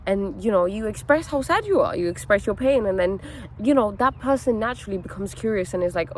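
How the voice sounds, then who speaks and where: A young woman telling a personal story in a candid vlog, earnest and animated, peppering her talk with fillers and "okay?" asides. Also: mid-range voice, fairly quick, slight background noise. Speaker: wellness content creator.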